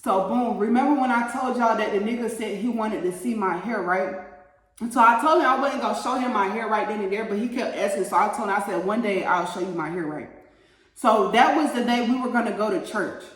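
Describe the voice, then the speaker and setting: A woman telling a story straight to her viewers in a casual, profane and animated way. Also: medium pitch, fairly quick, distant mic. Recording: roomy echo, mic set back.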